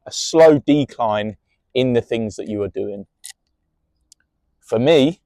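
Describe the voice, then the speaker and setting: Young man, low-ish voice, slow unhurried delivery, candid confessional vlog storytelling with swearing and restarts. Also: darkish tone, no room sound. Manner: emotional, rambling, swears freely, many restarts. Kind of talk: personal storytelling monologue.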